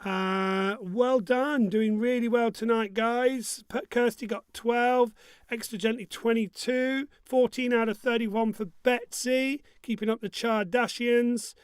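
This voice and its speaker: A man's voice: very high-pitched, steady tone, a little slow, clear, resonant tone, no room sound. A man hosting an online pub quiz, joking along and humming his own jingles. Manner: jokey and upbeat, hums his own jingles.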